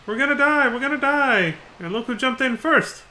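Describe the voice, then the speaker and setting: A man voicing a hot-headed young male rebel from a video game, yelling furious insults at a high pitch. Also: animated, normal speed, slight background noise. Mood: bickering.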